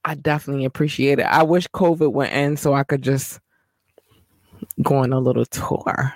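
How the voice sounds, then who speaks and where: A host, doing casual shout-outs and speaking affectionately to the listeners. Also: medium pitch, fairly even intonation, normal speed, dry recording. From Baltimore, Maryland. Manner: affectionate, repeats thanks to listeners.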